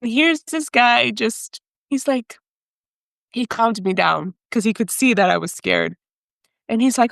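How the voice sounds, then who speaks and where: Husky-edged woman from Mexico telling a story. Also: on the high side, a little slow, no room sound. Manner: animated, laughs often, mixes in Spanish. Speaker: podcast guest. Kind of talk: storytelling in an interview.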